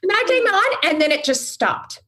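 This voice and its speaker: A woman's voice: very high voice, very animated, moderate pace, pushed and bright. A woman hosting a podcast, reacting with effusive emotion and sharing her own stories. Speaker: podcast host. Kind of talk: conversational interview.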